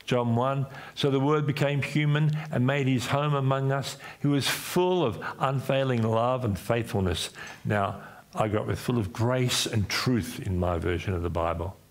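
A man with an Australian accent, preaching a sermon as pastor in a church, acting out voices when he retells stories. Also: measured pace. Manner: acts out voices in his retellings, pitch swinging up and down.

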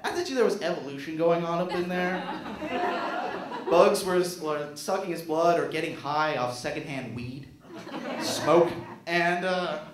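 A man's voice: high voice, background noise. A young man doing a self-mocking stand-up comedy set on a small theater stage. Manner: animated, self-mocking, jumps into silly voices. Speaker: stand-up comic. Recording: roomy stage sound.

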